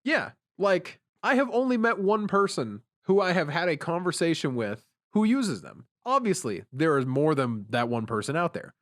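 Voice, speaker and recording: A man's voice: on the high side, very animated, moderate pace, few pauses, fairly bright tone. A young man co-hosting a podcast, telling casual stories and quoting people in put-on voices. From Pennsylvania, USA. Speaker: podcast co-host. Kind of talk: casual chat.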